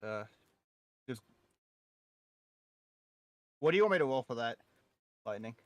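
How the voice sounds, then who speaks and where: A man's voice: mid-range voice, expressive, a little slow, dry recording, lo-fi sound. Hesitant man playing a tabletop game. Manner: hesitant, filler-heavy. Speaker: player. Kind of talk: casual chat at a game table.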